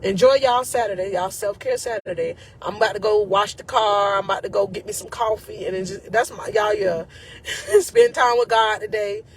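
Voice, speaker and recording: A woman's voice: medium pitch, moderate pace, slight background noise. A woman life coach giving an emotional, encouraging faith talk to her viewers, casual and often close to tears.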